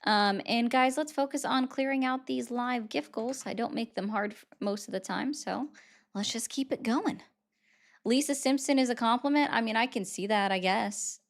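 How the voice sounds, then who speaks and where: A woman hosts a live stream, chatting casually with viewers and callers. Her voice is high for a woman. She rambles and pokes fun at herself. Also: normal speed. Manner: chatty, self-deprecating, rambling. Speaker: livestream host taking callers. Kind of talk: casual livestream chat.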